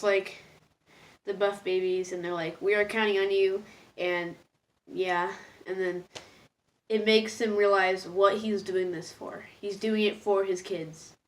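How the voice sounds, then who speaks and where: Rambling woman reviewing episodes. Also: mid-range voice. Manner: rambling, hesitant, many fillers; easily moved, laughing at herself. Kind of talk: casual spoken review.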